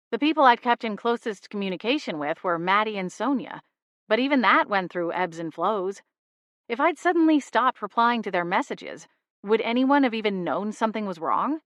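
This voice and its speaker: A woman narrating a first-person audiobook in a steady, even storytelling voice on a studio microphone. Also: mid-range voice, no room sound.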